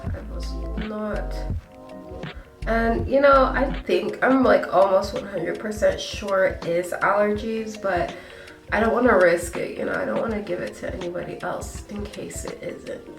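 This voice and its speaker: In a casual get-ready-with-me vlog at home, a congested young beauty vlogger with a stuffy nose chats and apologizes her way through, breathing hard. Her medium-pitched voice is unhurried, captured on a distant mic in an echoey room over music. She comes across chatty and self-deprecating.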